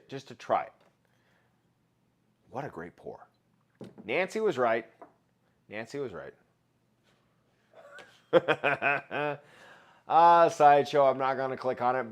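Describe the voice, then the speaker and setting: A man hosting a casual livestream, chatting loosely, laughing often and reading out viewer comments. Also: on the low side. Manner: chatty, laughs often, reads chat aloud. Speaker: livestream host.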